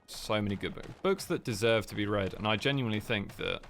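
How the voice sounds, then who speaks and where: Gravelly, sleepy-voiced young man. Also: fairly low pitch, brisk, slight background noise. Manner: soft, sleepy-sounding chatter; rambling, lots of fillers. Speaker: streamer. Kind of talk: casual livestream chat.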